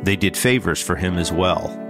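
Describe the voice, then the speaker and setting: A man narrating a scripted documentary in a measured, even delivery. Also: deep voice. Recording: narration over guitar music. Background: guitar music.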